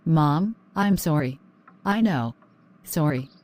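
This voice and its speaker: A woman playing a shy, troubled young student in a cartoon story, in a fairly low, subdued and hesitant voice. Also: animated, slow pace, a little mellow. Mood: apologetic. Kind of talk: animated story voice acting.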